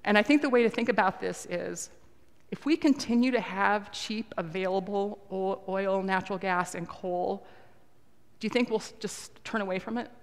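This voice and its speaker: A woman's voice: mid-range voice, moderate pace. Woman talking to a church crowd, earnest and chatty with lots of ums, big echoey sanctuary. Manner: earnest, conversational, with frequent ums. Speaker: lay speaker at a church service. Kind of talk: earnest talk to a congregation. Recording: long reverb of a large hall.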